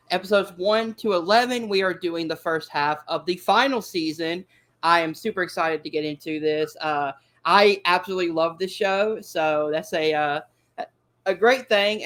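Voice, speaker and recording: A man's voice: on the high side, fairly bright tone. A man hosting a casual chat show, upbeat and eager, with frequent fillers. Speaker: podcast host.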